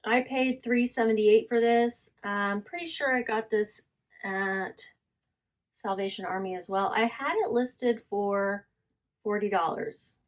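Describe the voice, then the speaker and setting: A woman's voice: medium pitch, fairly even intonation, a little slow. Lady going over stuff she sold online, casual chatty vlog, fixes her words as she goes. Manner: chatty, self-correcting, reads listing details aloud. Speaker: online reseller.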